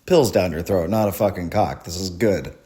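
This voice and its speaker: A man's voice: low-pitched, moderate pace, warm tone, pitched below the performer's own voice, lightly acted. A man putting on his blunt, profane, old-school father during a stand-up set. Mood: gruff relieved.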